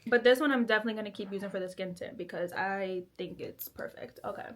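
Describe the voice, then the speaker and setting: A vlogger in her twenties talks fast in a mid-range voice while doing her makeup in her bedroom at home. She's chatty and giggly, poking fun at herself as she goes.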